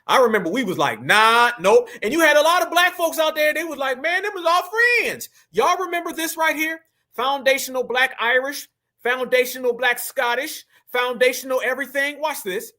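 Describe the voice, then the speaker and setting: Very high, bright-voiced male commentator. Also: a little fast. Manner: animated, slangy, addresses viewers as family. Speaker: commentary host. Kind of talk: reaction commentary on clips.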